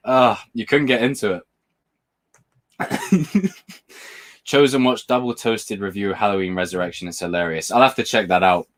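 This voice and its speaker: A man's voice: lowish voice, unhurried, fairly bright tone. A man hosting a casual live stream. He reads viewer questions aloud, answers them, swears casually and laughs a lot while telling stories.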